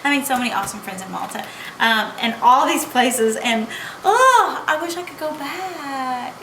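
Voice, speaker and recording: Gushy young american girl vlogging, high voice, echoey room w a bit of hiss. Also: animated, normal speed, bright, forceful tone. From United States. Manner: bubbly, gushing, lots of "like" and "oh my gosh". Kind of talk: casual travel storytime vlog. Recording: echoey room with faint background noise.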